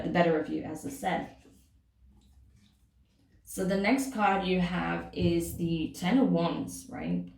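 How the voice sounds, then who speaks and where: Lowish gravelly woman reading tarot. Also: a little mellow, far from the mic. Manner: chatty, frequent "okay?" and "right?" check-ins. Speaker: tarot reader. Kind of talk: casual tarot reading monologue. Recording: echoey room, voice off-mic.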